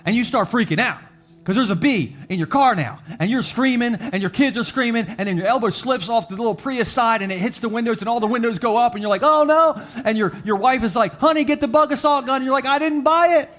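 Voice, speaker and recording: Faint music plays under this live sermon from a pastor whose voice runs high. He mixes jokes with stories, giving quoted characters animated little voices, and then hammers home his central ideas at a measured, forceful pace.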